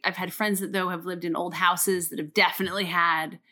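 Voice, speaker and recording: A woman in casual chat, telling an animated story with lots of swearing and fillers. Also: fairly low pitch, brisk.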